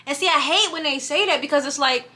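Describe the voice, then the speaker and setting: A young vlogger from New York, she speaks in a high-pitched, bright and forceful voice with a New York accent, talking fast. Chatting casually and with animation to her camera, she frequently drops "you know what I'm saying."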